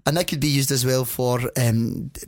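A man's voice: mid-range voice, steady tone, normal speed. A man co-hosting a French lesson podcast, eagerly offering example sentences with many restarts. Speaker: French-speaking co-host of a language podcast. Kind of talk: relaxed teaching chat.

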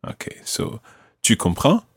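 A man hosting a podcast language lesson, patiently prompting a learner and slowing down for example phrases. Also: no echo. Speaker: language teacher and podcast host.

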